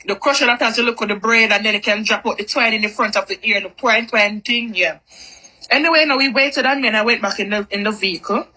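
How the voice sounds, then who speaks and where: A woman telling a personal story in a casual storytime video, animated and fond of repeating phrases for emphasis. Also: on the high side, fast talker, rough recording.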